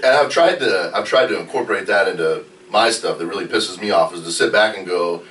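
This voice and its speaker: An animated man with a fairly low voice, chatting on a podcast and cursing freely. He sits a bit back from the mic, in a room with a noticeable echo and faint hiss. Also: a little fast, recorded from a distance. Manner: animated, swears, mimics others. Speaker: podcast co-host. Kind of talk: casual chat.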